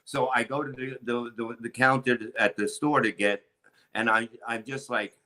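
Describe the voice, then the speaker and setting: A middle-aged man, a comedian, telling crude stories in a rambling, animated way with lots of restarts. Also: on the low side, moderate pace, poor audio. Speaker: comedian guest. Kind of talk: casual storytelling chat.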